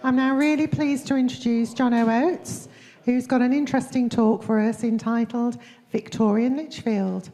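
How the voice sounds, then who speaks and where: A woman with a fairly high voice runs a meeting, making brisk, friendly announcements to the audience. Her voice rings out with a long hall reverb. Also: fairly even intonation, dark tone. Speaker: chair of a trust meeting.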